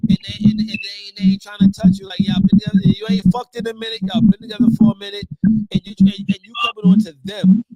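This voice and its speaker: Playful man podcast host, high voice, faint music bed. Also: fast talker, muffled recording. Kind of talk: casual podcast chat.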